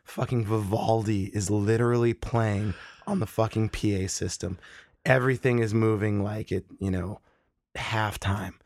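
A man's voice: lowish voice, moderate pace, no room sound, studio quality. A man casually telling a wild story, swearing freely and acting out the people in it. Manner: profane, animated, acts out the people in his stories.

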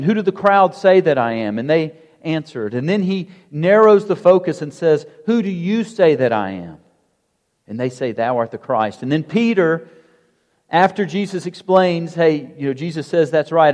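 A pastor preaching a sermon in a conversational way, asking the congregation rhetorical questions. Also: male voice, a little high, darkish tone. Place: church sanctuary. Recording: long church hall reverb.

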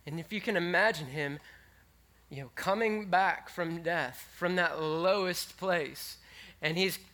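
A male preacher with a high, bright voice. He talks to his congregation in a casual, conversational way. He goes quiet and intimate, then rises with animated energy. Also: a little slow. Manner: conversational, animated, swinging between hushed and excited. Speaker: pastor. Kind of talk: sermon.

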